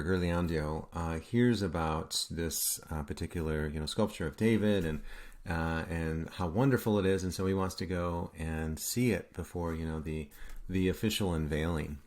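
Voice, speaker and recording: Brief: male art lecturer, very low voice, informal and halting, lots of "uh" and "right?". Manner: halting, many fillers, self-correcting, checks in with "right?". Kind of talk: recorded lecture.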